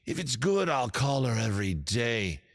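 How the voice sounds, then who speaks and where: A middle-aged man putting on an over-the-top British accent as a pompous poet, reciting in a low, theatrical poetry voice. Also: very animated, moderate pace, dry recording, clean studio sound. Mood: grandly theatrical. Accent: put-on British. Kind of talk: comic dramatic poetry reading.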